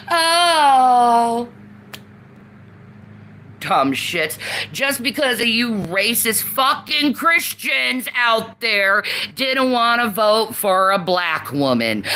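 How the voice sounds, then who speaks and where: A woman rants in a heated, profane tirade. Her voice is bright and edgy, sitting a little high, and she drags her words out slowly. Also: sing-song, a little hiss or hum. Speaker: streamer in a played clip. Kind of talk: angry political rant.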